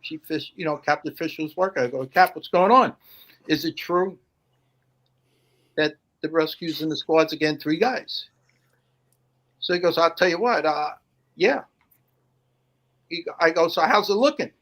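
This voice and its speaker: A man's voice: a little high, moderate pace, long pauses, a bit bright. A man telling a firehouse story in casual podcast chat, acting out the voices of the people he quotes. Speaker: podcast guest, firefighter.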